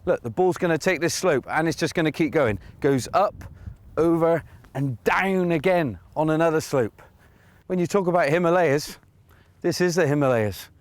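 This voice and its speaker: A man reporting outdoors on a golf course, explaining a hole in a lively, hands-on way while he plays a shot. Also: fairly high pitch, normal speed, no echo. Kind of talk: on-course demonstration and commentary.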